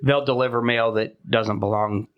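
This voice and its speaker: A man's voice: mid-range voice, normal speed, smooth, muffled recording. Laughing, chatty male mail carrier. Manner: laughs often, animated storytelling. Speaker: podcast co-host and mail carrier. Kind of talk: casual chat.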